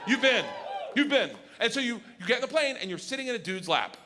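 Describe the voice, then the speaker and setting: A middle-aged man doing stand-up storytelling on stage, loud and animated, shouting his punchlines over the laughter. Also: extremely high pitch, fast. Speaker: stand-up comedian. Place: live comedy stage before an audience. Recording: live stage recording with audience noise.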